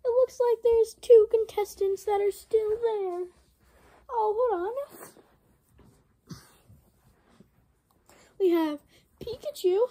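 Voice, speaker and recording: A woman's voice: very high-pitched, takes it slowly, long pauses, warm tone. A woman hosting her channel who narrates a playful game story and often stammers, repeating the first sounds of words. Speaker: channel host. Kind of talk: playful narrated toy play.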